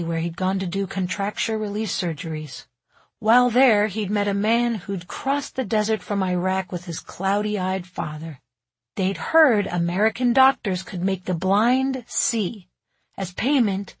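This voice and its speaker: A woman reading a first-person novel aloud in a wry, expressive way. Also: mid-range voice, breathy edge, dry recording. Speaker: audiobook narrator.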